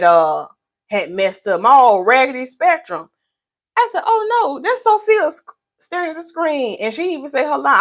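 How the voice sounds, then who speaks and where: A woman from North Carolina, USA, with a mid-range, fairly bright voice, hosts a live stream chat Q&A as a hairstylist. She reads comments from viewers aloud in a playful, teasing manner.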